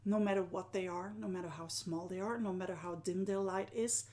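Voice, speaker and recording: A woman, a live-streaming art journaling teacher who often sinks into a soft whisper and laughs at herself. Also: fairly low pitch, steady tone, brisk. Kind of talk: live-stream talk to viewers.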